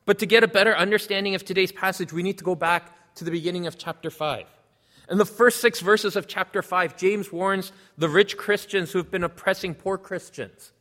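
High-voiced preacher in a reverberant hall. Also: male voice, steady tone, brisk, pushed and bright. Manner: earnest, explanatory, reads scripture aloud. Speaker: pastor. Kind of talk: sermon.

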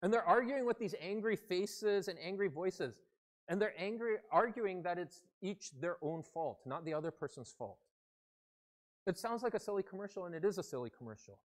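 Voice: medium pitch, animated, normal speed. Earnest conversational pastor preaching. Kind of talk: sermon.

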